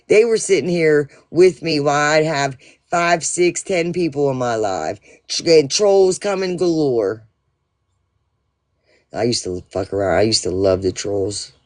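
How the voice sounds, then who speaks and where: A man's voice: fairly high pitch, very animated, unhurried. Rambling, profane man telling a story. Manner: rambling, profane, full of fillers and restarts. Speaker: livestream host. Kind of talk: casual storytelling to a livestream audience.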